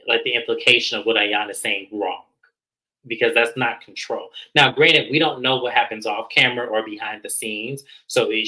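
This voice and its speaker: Bright-voiced man recapping reality TV. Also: low-quality recording. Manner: animated, acts out quotes with raised pitch. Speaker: recap show co-host. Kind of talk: casual review chat.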